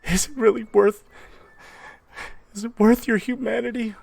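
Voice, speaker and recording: A man voicing a desperate, pleading mother in a tabletop game, in a high, strained falsetto. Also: fairly even intonation, measured pace, gravelly, a little mellow, no room sound, full character voice. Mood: distraught. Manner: shrill and pleading.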